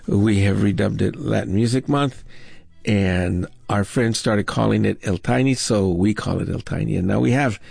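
A man co-hosting a music radio show in relaxed, playful banter. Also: lowish voice, normal speed, vocal fry, husky, no echo. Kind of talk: casual radio chat.

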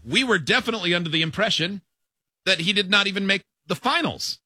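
Animated husky male radio host. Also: high voice, fast talker, no room sound, studio quality, soft background music. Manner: animated, laughs often while reading. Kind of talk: morning radio banter, reading news aloud.

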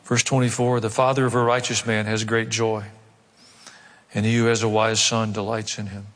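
A pastor preaching a sermon, emphatic and conversational, repeating key phrases. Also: male voice, lowish voice, flat delivery, moderate pace, fairly bright tone. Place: large church hall. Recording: long hall reverb.

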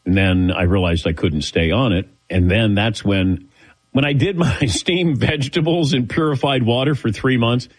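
A man's voice: medium pitch, moderate pace, low-quality recording. A man hosting a show, telling a long rambling story in a casual way and acting out the voices of people he quotes. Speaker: show host.

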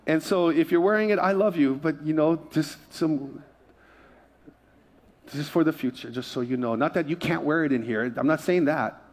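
A man, a pastor, preaching a sermon in a church, conversational and animated, telling a story with asides and laughs. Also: on the high side, moderate pace. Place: church sanctuary.

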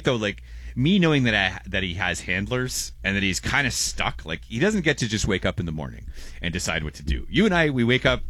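A man's voice: fairly low pitch, bright, forceful tone, dry recording. A man co-hosting a casual radio show, reading listener messages with a rambling, stammering delivery and frequent laughs.

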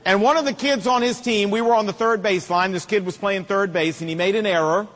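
Middle-aged man, sermon, emphatic repeated phrases, high voice, long reverb. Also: a little fast, fairly bright tone. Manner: emphatic, repetitive preaching cadence. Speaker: preacher.

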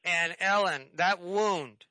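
A man's voice: high-pitched, takes it slowly, pushed and bright, rough recording. A man hosting a call-in radio program, reading scripture and preaching emphatically, repeating key phrases, then taking callers. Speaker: radio show host and preacher.

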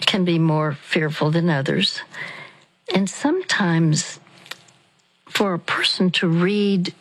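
A woman hosting a radio counseling show, speaking gently and haltingly with fillers and restarts. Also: on the low side, low-quality recording.

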